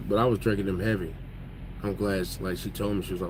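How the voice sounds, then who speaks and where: A man's voice: deep voice, fairly even intonation, a little fast, background noise. A man who drives trucks, telling stories in loose casual chat, joking and laughing as he talks. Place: truck cab.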